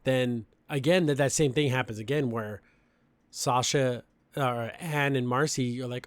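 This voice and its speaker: A man's voice: medium pitch, measured pace, no echo. A young man hosting a podcast, recapping a cartoon episode in a chatty, opinionated way with lots of fillers. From Mexican family background. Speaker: podcast host.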